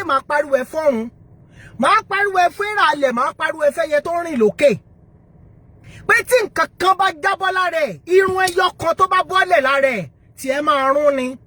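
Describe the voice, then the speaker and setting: Woman, Yoruba Nigerian accent, high voice, live-stream talk, mixes English and Yoruba, emphatic. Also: bright, forceful tone. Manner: switching between English and Yoruba, emphatic, rhetorical questions. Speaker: online motivational speaker. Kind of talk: live-stream commentary to viewers.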